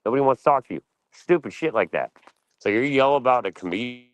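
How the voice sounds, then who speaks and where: A man's voice: medium pitch, animated, fast talker, no room sound. A man ranting bluntly and profanely on a casual talk panel, rambling from one gripe to the next. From United States. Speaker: podcast panelist. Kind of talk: casual opinion rant.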